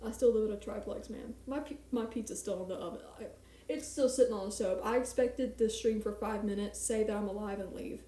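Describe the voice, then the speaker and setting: A woman's voice: mid-range voice, fairly quick, dark tone, echoey room. A young woman streamer chatting casually and rambling, with a self-mocking manner, in a small home apartment at night. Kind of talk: casual live-stream chat.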